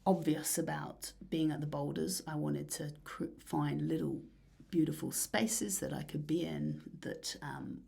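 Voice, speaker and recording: A low-pitched woman with a husky, gravelly voice speaks in a relaxed interview. She rambles dreamily, trailing off into soft, breathy asides and filling pauses. Her tone is casual and unhurried. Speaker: musician guest.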